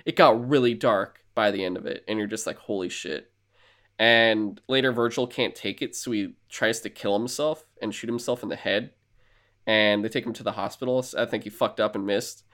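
A man's voice: lowish voice, brisk, fairly bright tone. A man co-hosting a podcast who recaps a movie in casual, rambling chat, swearing freely and acting out the characters' lines. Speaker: podcast co-host.

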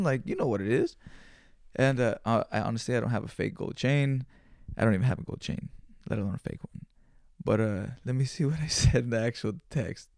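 A man's voice: medium pitch, brisk, vocal fry, no room sound, clean studio sound. A man in his twenties telling a rambling, profane story in slangy casual talk, acting out bits of dialogue. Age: 20s. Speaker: podcast host.

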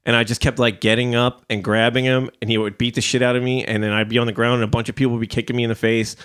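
Male podcast host, casual and rambling, swears a lot, mid-pitched. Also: flat delivery, racing, fairly bright tone, clear, resonant tone. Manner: rambling storyteller, swears freely. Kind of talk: casual chat.

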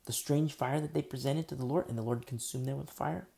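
Man preaching, gravelly and dark toned, hammers the same words over and over, swings from hushed to loud. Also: medium pitch, fairly even intonation, brisk. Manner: emphatic and repetitive, dropping to near-whispers then rising loud. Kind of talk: sermon.

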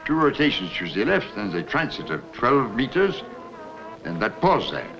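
An actor playing an elderly male scientist who explains the language of bees in halting, stilted phrasing, from an old film clip. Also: mid-range voice, very animated. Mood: explaining. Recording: dull film clip audio with faint music.

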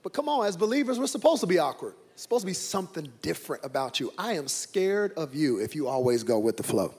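Husky, lively preacher. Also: male voice, fairly high pitch, fast talker. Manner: lively preaching with humor and call-and-response. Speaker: pastor. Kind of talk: sermon.

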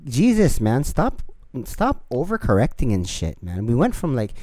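A man from Hawaii co-hosting a podcast in relaxed, joking, profane casual chat. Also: mid-range voice, moderate pace, dry recording. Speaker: podcast co-host.

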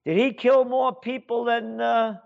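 A man's voice: very high voice, fairly even intonation, unhurried, gravelly, lo-fi sound. An American man and author ranting sarcastically in a monologue, firing off rhetorical questions in a heated tone. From United States.

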